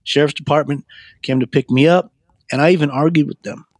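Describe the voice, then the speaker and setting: A man giving a personal testimony in rambling, halting storytelling. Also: on the high side, fairly even intonation, a little mellow, dry recording. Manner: halting, with many fillers and restarts.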